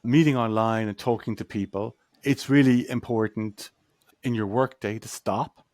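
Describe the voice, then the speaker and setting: A man's voice: fairly low pitch, moderate pace, darkish tone, dry recording, clean studio sound. A man as an interview guest, chatting over a video call and telling anecdotes in a conversational way. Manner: storytelling, acts out quoted voices.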